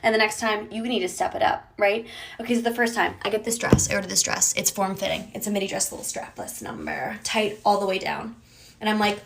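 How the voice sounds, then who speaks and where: A woman's voice: mid-range voice, steady tone, fast talker, vocal fry, a little hiss or hum. Exasperated woman telling a dramatic storytime. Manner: dramatic, exasperated, acts out quotes. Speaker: storytime creator. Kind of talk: casual storytime vlog.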